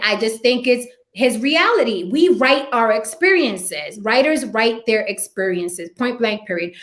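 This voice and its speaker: A woman hosts a casual live film review chat. Her voice sits high, and she talks in an animated way, often slipping into quoted voices to act out scenes. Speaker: host.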